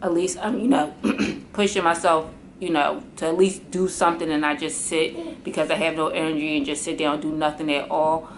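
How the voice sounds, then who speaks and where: A woman vlogging about her workout in a casual, rambling way, full of ums and likes, sounding tired and low on energy at home. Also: fairly even intonation, moderate pace, a little hiss or hum. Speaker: fitness vlogger and mother. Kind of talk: casual chat to camera.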